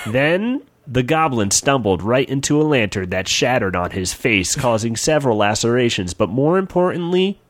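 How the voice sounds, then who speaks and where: A man's voice: medium pitch, big pitch swings, moderate pace, hardly any pauses, no room sound. Man reading a comedy story aloud. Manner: reads with frequent laughter. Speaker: storyteller host.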